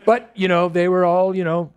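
A man hosting a comedy podcast, telling stories in a rambling, deadpan joking way. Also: sits high. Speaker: podcast host. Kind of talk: casual comedic chat.

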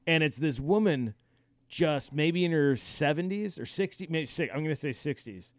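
A man co-hosting a podcast, telling stories in casual chat, animated and swearing freely. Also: fairly high pitch, normal speed, dry recording, studio quality. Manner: animated storyteller, swears freely, acts out quoted yelling. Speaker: podcast co-host.

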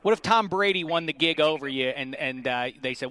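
A man's voice: mid-range voice, steady tone, fairly quick, pushed and bright. A male host chatting casually and joking with a guest, rambling with fillers. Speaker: radio show host interviewing an athlete. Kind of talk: casual interview chat.

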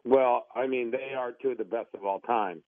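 A man's voice: mid-range voice, normal speed, dry recording. A man taking a phone call, flustered and defensive, stammering as he questions the caller. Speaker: prank call target. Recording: tinny phone line, dry.

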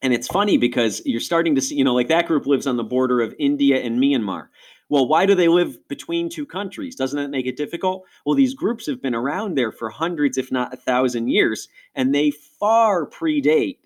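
A middle-aged man from Rochester, New York, explaining in a podcast conversation with animated asides. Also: medium pitch. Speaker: ministry guest speaker.

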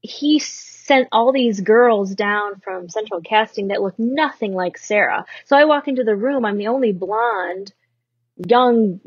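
A woman telling an anecdote as a guest on a casual podcast, briskly, with quoted asides. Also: medium pitch, slightly rough, dry recording. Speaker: guest, former stand-in. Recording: dull, dry lo-fi mic.

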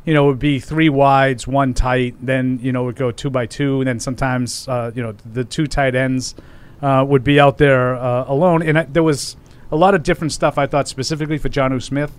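A man reporting on football practice for a podcast, speaking haltingly with many "you know"s. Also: medium pitch, steady tone, clean tone. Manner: halting, many fillers and restarts. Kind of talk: sports podcast chat.

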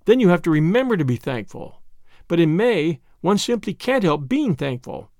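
A man's voice: sits high, very animated, normal speed, darkish tone, dry recording, clean studio sound. A man voicing a dreamy, imaginative young girl who talks in rapturous, poetic phrases in a storybook reading. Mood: enthusiastic.

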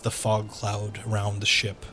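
A man with a low voice narrating a tabletop role-playing game as game master, often stumbling and restarting his sentences. A light hiss of noise sits under his voice. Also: monotone, fairly bright tone. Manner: halting, restarts with fillers.

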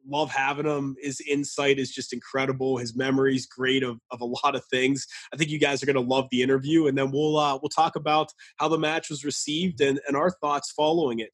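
A man's voice: medium pitch, no room sound. A man hosting a casual podcast interview, friendly and enthusiastic, with frequent fillers. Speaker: podcast host.

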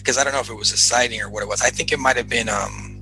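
A man as a podcast guest, telling a story in casual chat, animated and repeating himself as he goes. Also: mid-range voice, very fast, slight background noise, low-quality recording. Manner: animated, repeats himself, acts out his own excited shouts.

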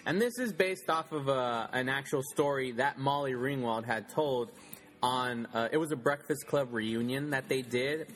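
A man's voice: mid-range voice, fairly bright tone. A man co-hosting a podcast, chatting loosely and teasing his co-host. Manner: chatty, joking, talks over his co-host. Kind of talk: casual podcast chat.

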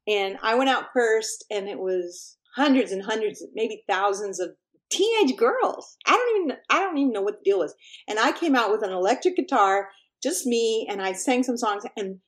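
A middle-aged woman musician from Texas, chatting as an interview guest and telling lively stories, acting out quotes and laughing often. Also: medium pitch, normal speed. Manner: animated storyteller, laughs often, acts out quotes. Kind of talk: casual interview chat.

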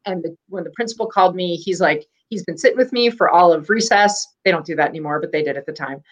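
A middle-aged woman, a physician and guest, telling stories in a clear, composed and measured way in a casual interview. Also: on the low side. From United States.

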